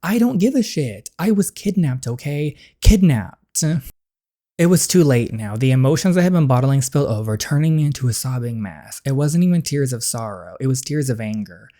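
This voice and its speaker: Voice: medium pitch, lively intonation, fast talker, hardly any pauses, mellow, lightly acted. A streamer reading out the first-person lines of a resentful teenage girl from a story game, bitter and defiant toward her father.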